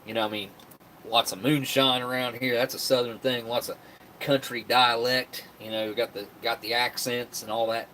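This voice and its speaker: A man's voice: mid-range voice, flat delivery, moderate pace, bright, forceful tone, slight background noise. A man hosting a live stream, rambling chattily and reading out viewer comments. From West Virginia. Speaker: livestream host. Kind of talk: casual live-stream chat.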